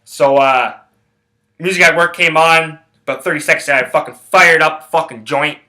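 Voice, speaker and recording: A man's voice: fairly high pitch, moderate pace. Swearing young man telling a wild story. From Canada. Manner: profane, rambling, animated retelling. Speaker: podcast host. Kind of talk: casual storytelling.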